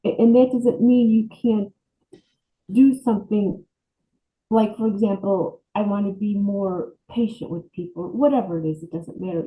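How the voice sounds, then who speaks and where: A woman's voice: mid-range voice, narrow, tinny audio. A woman sharing her thoughts in a group discussion, thoughtful and earnest. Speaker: group participant. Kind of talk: casual sharing.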